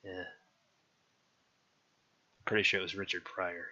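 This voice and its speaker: In a casual personal recollection, a young Californian being interviewed rambles honestly about his childhood, restarting a lot and swearing occasionally. He speaks a little slowly in a deep, level, sharp voice, and the recording is dull and lo-fi.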